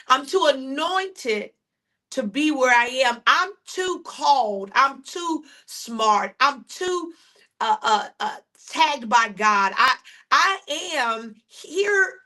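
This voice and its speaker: Woman, preaching sermon, slightly high voice, repeated refrains, questions to listeners, quick then slow delivery. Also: bright, forceful tone. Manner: shifts between quick storytelling and slow, drawn-out declarations. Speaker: preacher and podcast host.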